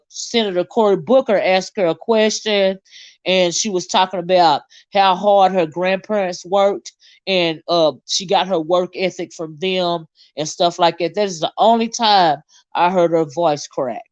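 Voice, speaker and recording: A woman's voice: fairly low pitch, no echo, highs cut off. A woman hosting a casual livestream and reading her chat, blunt and swearing freely, with a habit of repeating herself.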